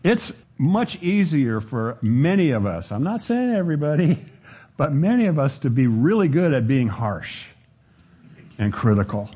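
A man preaching a sermon, earnest, slowing down to stress the scripture he quotes. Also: on the high side, big pitch swings, dark tone, breathy edge. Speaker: pastor.

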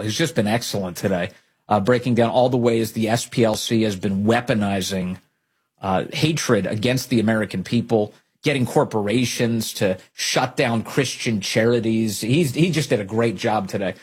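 A man's voice: lowish voice, moderate pace, slightly rough. A man hosting a political talk radio show in a sarcastic, combative, mocking manner.

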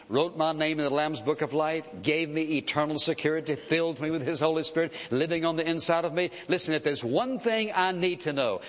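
A man preaching a sermon in a church, earnest and emphatic, often breaking in with "listen" to press a point. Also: fairly high pitch. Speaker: pastor. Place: church sanctuary. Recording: dull sound with long hall reverb.

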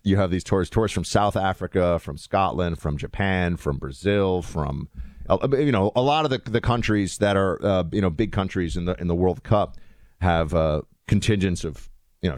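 A man's voice: deep voice, moderate pace, no room sound, clean studio sound. A man hosting a show, chatting in casual commentary with lots of fillers and restarts. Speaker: show host.

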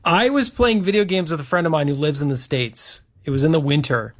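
A man's voice: on the high side, brisk. A man from Canada co-hosting a radio show, eagerly explaining word origins. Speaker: radio co-host.

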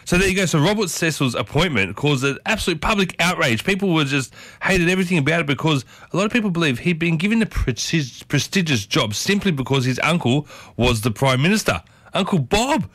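A man's voice: fairly high pitch, animated, brisk, a bit bright, no echo. An Australian man hosting a community radio show, talking in a chatty, enthusiastic way with his voice swooping upward. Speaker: radio host.

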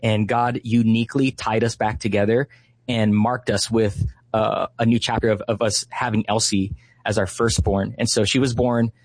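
A man in his thirties, a ministry leader, telling a heartfelt story in conversation, often pausing with "uh" and "you know". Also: fairly low pitch, flat delivery.

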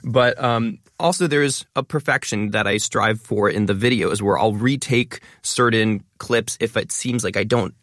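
A man who is an influencer, talking quickly and stressing many words as a guest in an interview. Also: lowish voice, a bit bright, dry recording, studio quality. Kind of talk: interview conversation.

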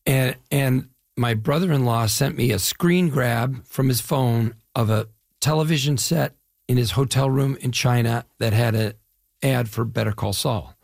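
An older man with a husky, gravelly voice talks eagerly through his stories in a casual interview. He rambles a little and restarts, always keen. The sound is dry and close. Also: medium pitch, unhurried, no room sound. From Chicago area, USA. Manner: enthusiastic, rambling storyteller. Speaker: actor guest.

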